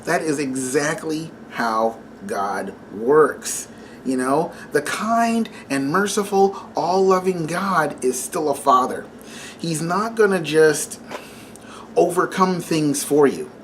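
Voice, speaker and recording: A man's voice: sits high, a little hiss or hum. A man in his thirties gives a casual devotional talk, speaking conversationally with lots of fillers and laughing as he tells a story. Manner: conversational, many fillers, laughs while telling. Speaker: Christian vlogger.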